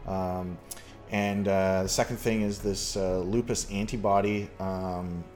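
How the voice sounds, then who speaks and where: A man's voice: low-pitched, flat delivery, unhurried, a little mellow, faint music behind. A man from Canada hosting a casual chat, rambling through a story with lots of fillers. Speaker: podcast host.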